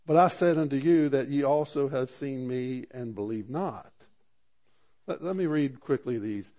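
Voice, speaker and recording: A man's voice: medium pitch, a little slow, darkish tone. A middle-aged man preaching a sermon, reading scripture aloud, asking the congregation questions, and often stammering and restarting.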